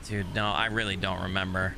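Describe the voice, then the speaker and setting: A man streaming a horror game live, chatting with his viewers and swearing often, sometimes yelling in a high mock panic. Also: big pitch swings, moderate pace, background noise. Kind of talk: live gameplay commentary.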